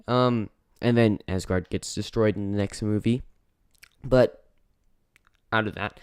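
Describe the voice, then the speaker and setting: A man's voice: on the low side, steady tone, a little slow, darkish tone, clear, resonant tone, no room sound, clean studio sound. A man giving a casual, rambling movie review, often restarting and correcting himself. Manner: rambling, self-correcting, lots of fillers.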